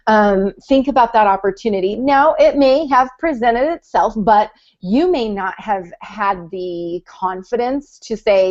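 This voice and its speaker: A woman's voice: mid-range voice, a little slow, lo-fi sound. A woman co-hosting a casual group chat, talking in a chatty, encouraging way with many fillers. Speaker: podcast co-host.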